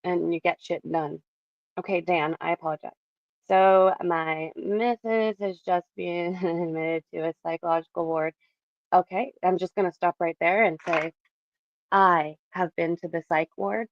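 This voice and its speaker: A woman's voice: lowish voice, steady tone, measured pace, no echo, dull audio. A young woman from Canada chatting casually and animatedly with her livestream viewers from her bedroom, laughing often. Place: home bedroom.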